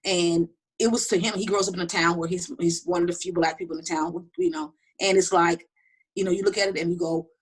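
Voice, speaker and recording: A middle-aged woman telling personal stories in an interview, talking quickly and animatedly with many restarts. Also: lowish voice, breathy edge. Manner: fast, animated storytelling with frequent restarts. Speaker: interview guest. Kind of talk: candid personal storytelling.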